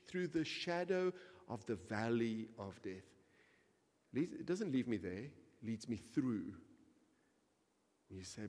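A man preaching a sermon as pastor, reading scripture aloud and swinging from quiet, measured reading to loud, impassioned preaching. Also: lowish voice, expressive, gravelly, big-room sound.

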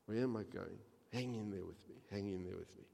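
A pastor with a fairly low, gravelly voice delivers a sermon in a large hall. He reads scripture aloud, moving between calm, measured reading and loud, fervent preaching.

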